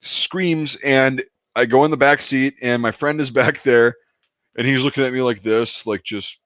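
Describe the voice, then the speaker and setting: A man's voice: mid-range voice, fairly even intonation, a little slow, fairly bright tone, dry recording. A man casually telling a long, profane anecdote on a podcast. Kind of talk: casual storytelling. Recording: dull, dry lo-fi sound.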